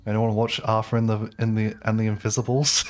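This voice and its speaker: A man's voice: fairly low pitch, fairly even intonation, normal speed, soft background music. A man with an English accent chatting casually with his live-stream audience while playing, rambling with lots of fillers and restarts. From England. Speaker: game streamer.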